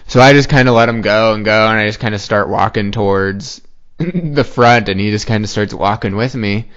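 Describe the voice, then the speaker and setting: A man's voice: fairly low pitch, moderate pace, a bit bright, clear, resonant tone. A young man telling a rambling story in casual podcast chat, full of filler words and swearing. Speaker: podcast co-host. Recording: dull lo-fi podcast audio.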